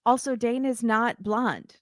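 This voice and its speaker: A woman's voice: a little high, a little slow, dry recording, clean studio sound. A woman guest recapping a reality TV episode in casual chat, telling it animatedly and acting out what people said. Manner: animated storytelling, acting out quotes. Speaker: podcast guest.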